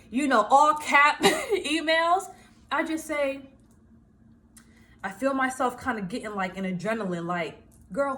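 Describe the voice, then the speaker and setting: Woman, high voice, casual vlog talk, lively and laughing, plays out her inner thoughts. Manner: animated, laughing, acts out her own inner voice. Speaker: small business owner and vlogger. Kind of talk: casual self-help talk to camera.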